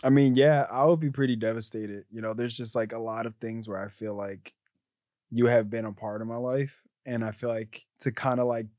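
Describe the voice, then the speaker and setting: A young man co-hosting a podcast in casual chat, loose and reflective, full of fillers, often laughing and trailing off quietly. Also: mid-range voice, fairly even intonation, moderate pace, no echo. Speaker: podcast co-host.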